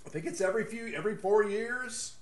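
A fairly high-voiced West Texas man talks a little fast in a rambling, opinionated, casual monologue. Between mocking his targets he chuckles at his own jokes, and the room around him is echoey.

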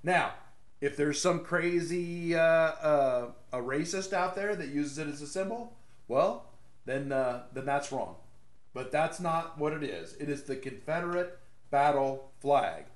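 Man, higher voice, sarcastic commentary, laughs at own jokes, roomy echo. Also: animated, measured pace. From American South. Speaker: political commentary host. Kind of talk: casual political commentary. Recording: echoey room.

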